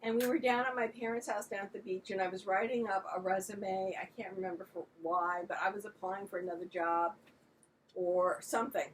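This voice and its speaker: A woman's voice: medium pitch, steady tone, a little fast. An older woman co-hosting a casual chat, telling rambling, self-deprecating family stories. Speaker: podcast co-host. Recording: distant mic with faint background noise.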